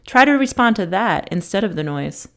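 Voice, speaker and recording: A woman's voice: medium pitch, normal speed. A middle-aged woman teacher giving an instructional talk, telling classroom stories with acted-out quotes. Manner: lively anecdotes with acted-out quotes.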